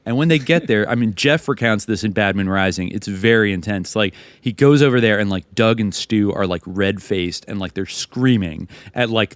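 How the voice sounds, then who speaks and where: A man's voice: fairly low pitch, no room sound. A man co-hosting a podcast, telling a story casually with lots of swearing and acted-out quotes. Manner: profane, animated, acts out quoted people. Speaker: podcast co-host.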